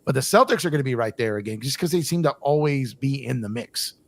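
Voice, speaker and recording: A man's voice: medium pitch, animated, fast, no room sound. Rambling, swearing man in sports chat. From United States. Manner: rambling, repeats words, swears, laughs a lot. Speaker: podcast host.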